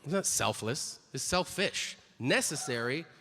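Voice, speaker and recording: A middle-aged man doing a stand-up routine on a comedy stage, telling crude, deadpan stories with sudden loud outbursts. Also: medium pitch, a little slow, long reverb tail, noisy background.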